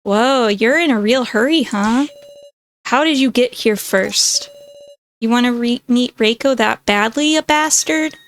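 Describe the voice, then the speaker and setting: A woman's voice: fairly high pitch, a little slow. A woman voicing a cruel, mocking doll from a death game, taunting in a drawling, slangy way.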